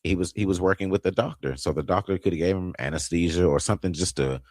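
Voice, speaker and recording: A man with an extremely deep voice talks horror films in a relaxed, agreeable way. His audio is dry and close, with no room sound. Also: fast talker, no room sound. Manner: relaxed, agreeable, chimes in often. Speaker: podcast co-host. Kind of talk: casual horror film discussion.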